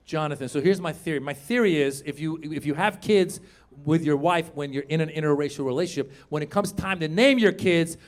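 A man from Iran performing an animated stand-up comedy set on a club stage, shouting some punchlines. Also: a little high. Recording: live club recording with audience.

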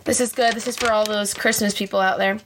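A woman's voice: mid-range voice, fairly even intonation, fast, heavy background noise. A young woman hosting a casual chat at home, teasing and dramatic, sometimes singing old songs she wrote.

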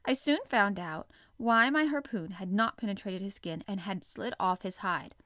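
A woman's voice: medium pitch, normal speed, fairly bright tone, dry recording, clean studio sound, lightly acted. A woman reading the part of a bold, determined male harpooner with a blunt, matter-of-fact delivery.

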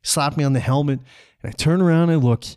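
A man from Canada telling a personal story on his podcast in a relaxed, conversational way, chuckling often and swearing casually. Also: on the high side, fast talker. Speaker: podcast host.

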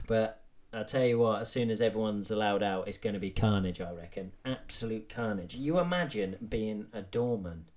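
A man's voice: lowish voice, a little mellow. A man hosting a podcast, delivering a rambling comic monologue full of swearing and matey banter. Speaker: podcast host.

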